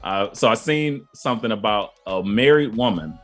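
A man co-hosting a casual chat, animated and swearing freely as he tells a story. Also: on the low side, normal speed, soft background music. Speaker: podcast co-host.

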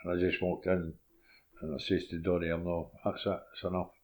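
An older Scottish man with a fairly low voice spins lively anecdotes in a relaxed interview. He acts out the old exchanges and laughs as he goes. He talks like a former footballer looking back on his career. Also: brisk. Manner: animated anecdotes, laughs while telling, drops into quoted dialogue. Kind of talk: casual interview storytelling.

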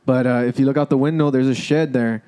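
A man's voice: medium pitch, steady tone, fast, dark tone, smooth. A young man telling a story to friends in a casual, rambling way, cursing and restarting often.

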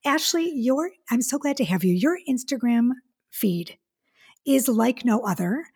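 A woman hosting a relationship podcast, effusive and chatty, talking in quick asides and gushing over her guest. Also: fairly high pitch, lively intonation, a little mellow, husky. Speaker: podcast host.

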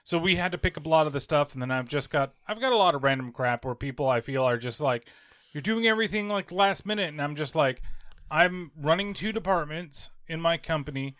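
A man rants in casual conversation, exasperated and swearing freely as he mimics what others told him. His voice sits a touch high, with a bright, edgy tone. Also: brisk. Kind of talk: casual venting chat.

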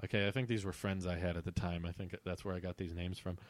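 A man's voice: low voice, steady tone, fast, no room sound. Young man, reads old story aloud with amused commentary, dry close sound. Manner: amused, laughs at his own writing. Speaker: YouTuber reading his childhood story.

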